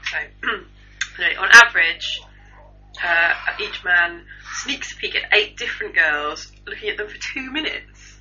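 Dry-humored woman, very bright voice. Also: lowish voice, expressive, normal speed. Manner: dry, joking news rundown. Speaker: podcast co-host. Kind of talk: casual news chat. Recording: lo-fi home recording.

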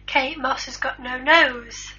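A woman's voice: high-pitched, steady tone, slow, pushed and bright, slightly rough, faint music behind. A woman co-hosting a casual homemade chat show, trading crude jokes about celebrity gossip. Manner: crude, joking banter. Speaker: podcast co-host. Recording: lo-fi home recording.

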